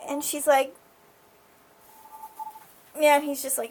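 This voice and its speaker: A woman's voice: high-pitched, monotone, slow, long pauses, darkish tone. A woman casually recapping a TV episode, chatty and full of fillers like "like" and "um". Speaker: show recapper.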